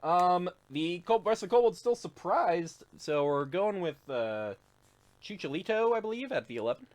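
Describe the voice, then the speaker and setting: A man's voice: sits high, big pitch swings, moderate pace. A man narrating as game master of a tabletop game in a laid-back, chuckling manner with many fillers. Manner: laid-back, laughs often, lots of fillers.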